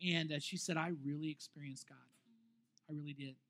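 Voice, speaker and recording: A middle-aged male pastor tells a personal story from the pulpit. His voice sits high, and he talks in a lively, animated way, stumbling over restarts and breaking into self-deprecating laughs. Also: a little fast, soft background music. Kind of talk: sermon storytelling.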